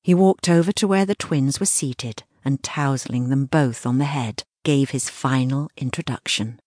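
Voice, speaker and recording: A woman narrating a children's audiobook in a measured storytelling manner. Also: extremely low pitch, darkish tone, no room sound, clean studio sound.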